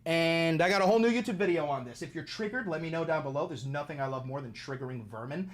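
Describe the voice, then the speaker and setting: A man's voice: on the high side, quick pace. A young man hosting a political livestream, ranting angrily with profanity and lots of repetition. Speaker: livestream host.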